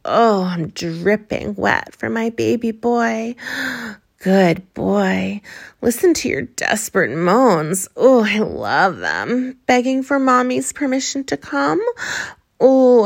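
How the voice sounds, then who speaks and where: Slow, breathy, sultry woman. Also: fairly high pitch. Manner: sultry, coaxing and breathy, with soft moans. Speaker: erotic audio performer. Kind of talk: intimate role-play narration.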